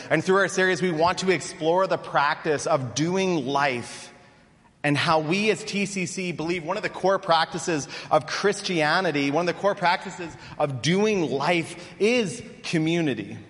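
A man's voice: fairly high pitch, normal speed, a bit bright, long reverb tail. A man preaching a sermon as pastor, in a conversational way with many fillers.

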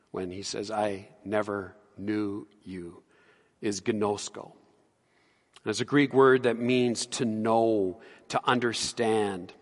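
A pastor preaching a sermon in an earnest way, building to emphatic peaks. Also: male voice, lowish voice. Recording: long hall reverb.

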